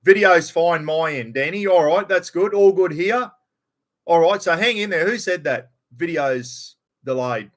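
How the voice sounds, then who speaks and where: A man's voice: a little high, lively intonation, measured pace. A middle-aged man with a broad North Queensland Australian accent, rambling bluntly and swearing freely during a casual live stream chat.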